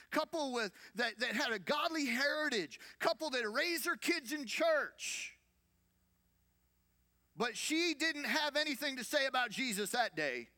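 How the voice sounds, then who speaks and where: A man's voice: very high voice, bright, forceful tone. A man preaching as a senior pastor, conversational, with rhetorical questions and repeated phrases. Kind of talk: sermon.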